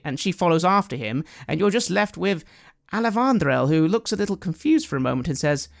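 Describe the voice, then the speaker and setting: Game master narration, lively, varied pitch, fantasy tabletop game. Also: brisk, vocal fry.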